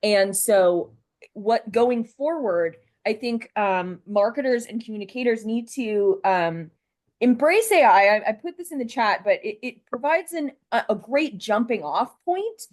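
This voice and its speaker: A woman's voice: fairly high pitch, animated, measured pace. Young woman guest, thoughtful and hesitant. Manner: thoughtful, many fillers. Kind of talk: casual discussion.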